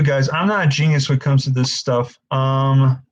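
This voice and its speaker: A man's voice: mid-range voice, moderate pace, few pauses, a little hiss or hum, rough recording. A young man hosting a casual live-stream Q&A, frustrated and stammering, swearing often as he answers viewers.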